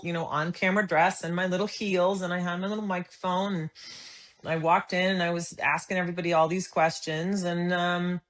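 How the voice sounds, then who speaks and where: A middle-aged woman telling a story as an interview guest, acting out the dialogue as she goes. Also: on the low side. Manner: animated, acts out quoted dialogue. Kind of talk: conversational storytelling.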